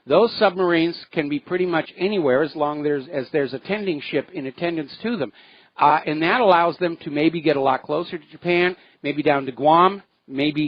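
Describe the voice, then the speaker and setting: Guy hosting call-in radio, lots of uh's, slightly high voice, dull lo-fi sound. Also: dry recording. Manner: frequent "uh" fillers, opinionated. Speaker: radio talk show host. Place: Hawaii studio.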